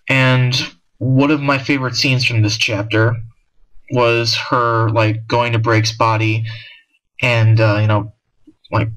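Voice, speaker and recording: A man's voice: mid-range voice, a bit bright, low-quality recording. A man giving a casual, rambling spoken review of a comic chapter, with frequent restarts and filler words. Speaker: manga discussion vlogger.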